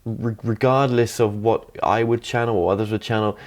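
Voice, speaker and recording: A man's voice: lowish voice, steady tone, moderate pace, a little hiss or hum. A man hosting an interview, speaking hesitantly with many restarts and fillers. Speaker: interview host. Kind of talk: casual interview.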